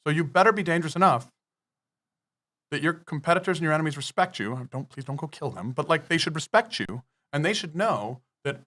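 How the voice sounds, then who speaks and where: A man's voice: fairly high pitch, expressive, brisk, pushed and bright. A man guest on a business podcast, lecturing emphatically through numbered points with frequent swearing. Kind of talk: podcast interview.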